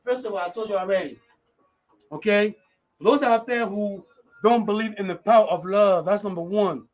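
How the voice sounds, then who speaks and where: A man hosting a live radio talk show, energetic and repetitive, speaking straight to his listeners. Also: high voice, moderate pace, soft background music. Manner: energetic, repeats phrases, talks straight to listeners. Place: radio studio.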